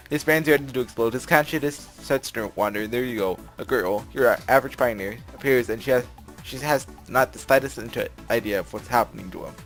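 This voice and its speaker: A man's voice: mid-range voice, a bit bright. A young man reading a visual novel aloud and commenting on it, rambling, with lots of filler words and laughs. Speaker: let's play narrator.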